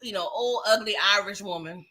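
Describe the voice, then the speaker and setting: A gruff, dismissive older man speaks in a blunt, cold way. The voice sits fairly high and bright, since a woman acts him out in a casual retelling. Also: fairly quick. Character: gruff older man snubbing his son's girlfriend.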